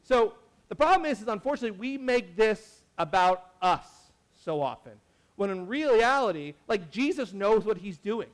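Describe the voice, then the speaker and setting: A man with a notably high voice preaches at a live church service. He talks in a loose, chatty way, full of "like" and restarts, and he briefly acts out the voices in the story he tells. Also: animated, normal speed. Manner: conversational, lots of "like" and self-corrections, acts out quotes. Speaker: pastor. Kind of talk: sermon.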